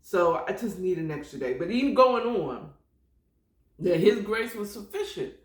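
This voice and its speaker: A woman's voice: mid-range voice, animated, normal speed, echoey room. A woman hosting a casual solo morning chat podcast, rambling and chatty with prayerful asides. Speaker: podcast host.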